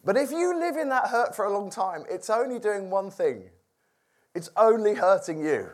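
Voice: mid-range voice, sing-song, moderate pace. Conversational preacher questioning the audience. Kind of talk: informal Bible teaching to a group.

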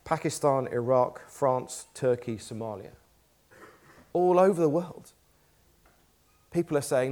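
A man's voice: mid-range voice, lively intonation, takes it slowly, long pauses, darkish tone. A man preaching a sermon in a church, reading scripture aloud in a conversational, lightly self-deprecating way.

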